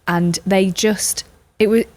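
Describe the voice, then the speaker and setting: A woman's voice: mid-range voice, fairly even intonation, slow, a little mellow. A woman, telling stories in a casual chat and acting out what people said. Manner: chatty storyteller, acts out quotes. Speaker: podcast co-host or guest.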